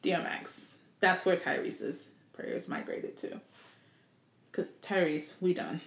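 A woman co-hosting a casual podcast, blunt and joking and quick to laugh. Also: fairly low pitch, fairly even intonation. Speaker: podcast co-host. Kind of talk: casual chat. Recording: roomy echo.

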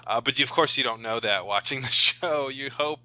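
A man's voice: medium pitch, brisk, sharp tone, dry recording, rough recording. A man co-hosting a casual podcast, talking through ideas thoughtfully with a rambling flow and many fillers. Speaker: podcast co-host.

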